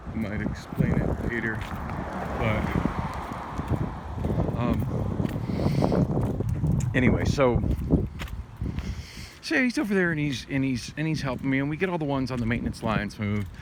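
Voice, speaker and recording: A man's voice: mid-range voice, very animated, a little slow, long pauses. A man talks into a handheld phone as he walks outdoors at night. He rambles, restarts his sentences and drops candid, profane asides, with wind and street noise plain behind him. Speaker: vlogger. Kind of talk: rambling late-night walking vlog. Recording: windy outdoor phone audio.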